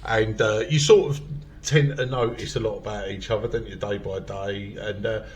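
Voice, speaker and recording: A man's voice: fairly low pitch, steady tone, normal speed. A man hosting a comedy podcast, telling a rowdy story in casual chat and swearing freely. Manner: swears a lot, loud storytelling with acted quotes. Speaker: podcast host.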